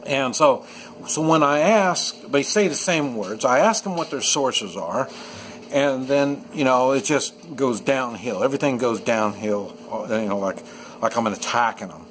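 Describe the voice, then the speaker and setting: Casting note: man of middle pitch, rambling unscripted monologue, lots of false starts, faint noise in the background. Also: measured pace, fairly bright tone, low-quality recording. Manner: rambling, many restarts and fillers. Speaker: video commentator. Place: at home in the countryside.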